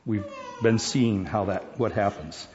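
Speaking to his congregation in a conversational sermon, a pastor asks them questions along the way. His voice is lowish, darkish and unhurried. The dull recording carries long hall reverb and a little hiss or hum.

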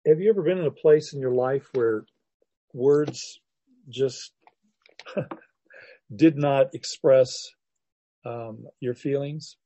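A man preaching a sermon as a pastor, teaching verse by verse in an unhurried, reflective way with restarts and soft laughs. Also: medium pitch, no echo.

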